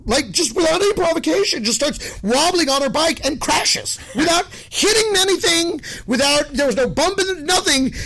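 A loud, excitable middle-aged man telling animated stories as a guest, laughing as he goes. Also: extremely high pitch, moderate pace, hardly any pauses. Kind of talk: animated storytelling.

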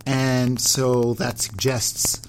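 A man hosting a casual interview, asking probing questions in a relaxed, gently coaxing way. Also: medium pitch, very slow, slight background noise. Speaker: host.

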